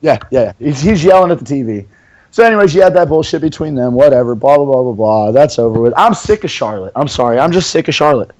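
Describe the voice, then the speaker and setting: A man's voice: medium pitch, animated, fast talker, darkish tone, muffled recording. A man co-hosting a podcast in casual chat, rambling and swearing in loose fan banter. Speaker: podcast co-host.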